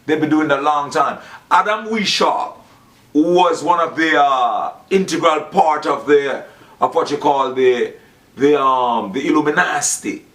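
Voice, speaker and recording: A man's voice: on the high side, measured pace, a bit bright. A man talking in a rambling, preachy monologue, acting out the dialogue he quotes. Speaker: Rasta speaker. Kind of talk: casual monologue.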